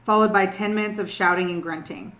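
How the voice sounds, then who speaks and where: A young woman co-hosts a true-crime podcast, swearing freely as she tells the story with emphatic turns. Her voice sits at a middling pitch. The recording carries a roomy echo. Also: fairly even intonation, fast talker, fairly bright tone. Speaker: podcast co-host. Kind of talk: casual true-crime chat.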